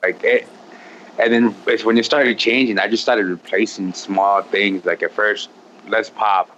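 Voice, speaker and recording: A man's voice: on the low side, steady tone, a little slow, fairly bright tone. A man with a Midwestern accent, a podcast guest talking candidly and earnestly, often restarting his sentences. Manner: earnest, heartfelt, many "like" fillers and restarts. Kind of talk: candid conversational storytelling. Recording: dull lo-fi with faint noise.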